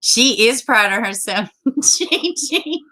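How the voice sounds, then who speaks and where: A woman hosting a casual live stream, reading news stories and viewer comments aloud, chatty and quick to laugh. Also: fairly high pitch, animated, bright, forceful tone. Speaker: livestream host.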